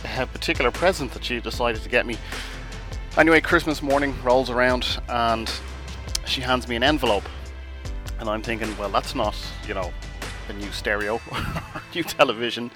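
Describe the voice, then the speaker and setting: A middle-aged man hosting a podcast, telling a story in a chatty, self-mocking way. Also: mid-range voice. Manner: chatty and self-mocking, with restarts and acted asides. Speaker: podcast host.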